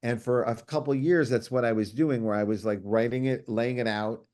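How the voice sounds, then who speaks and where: Animated middle-aged man telling stories. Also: medium pitch. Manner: animated, fast, many restarts and fillers. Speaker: comics writer guest. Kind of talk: casual storytelling.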